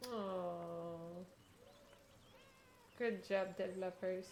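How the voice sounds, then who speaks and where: A woman's voice: fairly low pitch, level tone, unhurried, pauses often, darkish tone, echoey room, slight background noise. A woman streamer chatting casually as she plays, reading dialogue aloud between remarks. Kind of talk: casual gameplay commentary.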